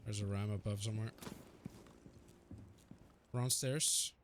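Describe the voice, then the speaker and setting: A man's voice: fairly low pitch, fairly even intonation, measured pace, background noise. A man streaming a shooter game, calling out enemies and laughing often with his teammates. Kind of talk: casual gaming chat.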